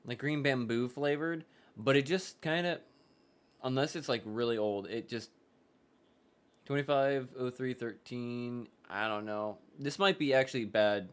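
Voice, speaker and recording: A man talks through a football game on a live stream in a relaxed, rambling way. His voice sits at an everyday middle pitch, and he often breaks off mid-thought and starts over. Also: measured pace, clear, resonant tone. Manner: rambling, chatty, trails off and restarts. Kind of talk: casual live game reaction.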